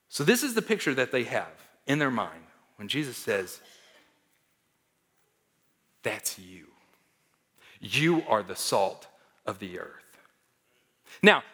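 Emphatic male pastor in a reverberant hall. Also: medium pitch. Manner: emphatic, swings between loud stresses and soft drops. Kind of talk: sermon. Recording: long reverb of a large hall.

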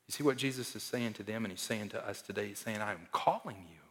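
A man preaching a sermon as pastor, emphatic, swinging between loud declarations and hushed asides. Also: on the low side, fairly even intonation, fast, in a large hall.

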